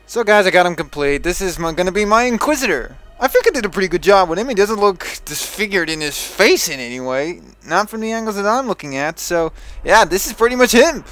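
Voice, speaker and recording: A man's voice: high-pitched, lively intonation, fairly quick, few pauses, fairly bright tone. A young man with a Dutch accent, chatting casually and thinking aloud as he plays a video game. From Netherlands. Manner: chatty, thinks aloud with restarts and self-talk. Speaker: let's play gamer.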